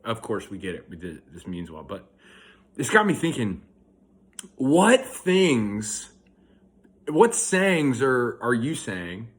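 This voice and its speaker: A young man telling a rambling, self-correcting story in a casual monologue, filmed outdoors at a park. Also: lowish voice. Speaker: vlogger.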